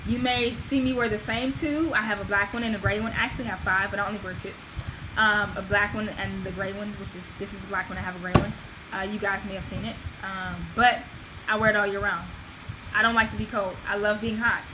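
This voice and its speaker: A woman vlogger talking casually to the camera, animated and emphatic, with self-deprecating asides. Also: mid-range voice, fairly quick, background noise.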